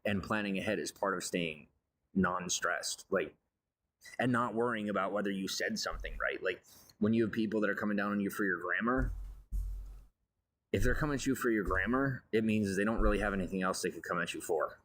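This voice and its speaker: A man's voice: on the low side, a little fast, fairly bright tone. A man giving a grandiose, meandering monologue about his life and advice. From raised on a farm. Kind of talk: rambling monologue.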